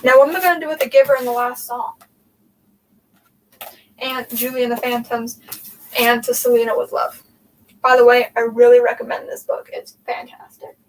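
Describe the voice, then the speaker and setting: A woman's voice: fairly high pitch, level tone, normal speed, pauses often. A young woman hosting a casual livestream at home, thinking aloud as she sorts her shelves, rambling with lots of "like" and "um". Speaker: booktube host. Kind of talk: casual livestream chat while reorganizing shelves. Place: room at home with bookshelves. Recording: distant mic with faint background noise.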